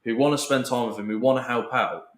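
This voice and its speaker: A man hosts a casual podcast and makes his points with earnest conviction. His voice is mid-pitched, and the room gives it a roomy echo. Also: fast talker. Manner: opinionated, earnest ranting. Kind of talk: casual chat.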